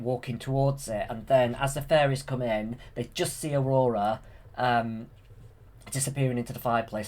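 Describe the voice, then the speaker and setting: A man casually retelling a film from memory, hesitant, with many fillers and restarts. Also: medium pitch. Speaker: channel host.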